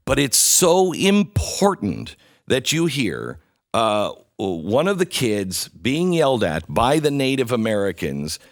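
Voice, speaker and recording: A man hosting a show, retelling what happened in video clips in animated commentary and acting out the quoted voices. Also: medium pitch, slow, no echo, clean studio sound. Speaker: show host.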